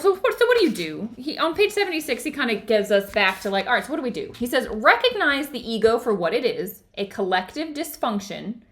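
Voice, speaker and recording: A woman's voice: fairly high pitch, bright, forceful tone. A woman hosting a book club discussion in a conversational way, reading passages aloud and often checking in with her listeners.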